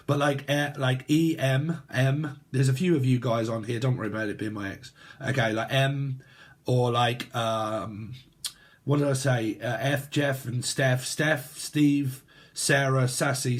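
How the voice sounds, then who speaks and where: A man from Britain giving a rambling, free-associating tarot reading, joking crudely and laughing as he goes. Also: medium pitch. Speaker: tarot reader. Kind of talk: casual spoken tarot reading.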